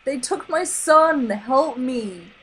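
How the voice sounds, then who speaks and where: A woman's voice: high-pitched, animated, slow pace, breathy edge, exaggerated voice. A woman voicing an anxious, overprotective father clownfish who talks in a stern, worried way in a storybook reading. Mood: frantic.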